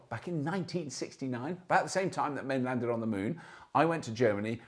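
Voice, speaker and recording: A man's voice: mid-range voice, expressive, quick pace. Man, sixties, show host, casual news commentary, chatty asides, anecdotal. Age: 60s.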